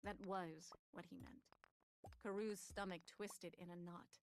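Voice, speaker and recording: A woman narrating an audiobook in a measured, even reading voice. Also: lowish voice, smooth.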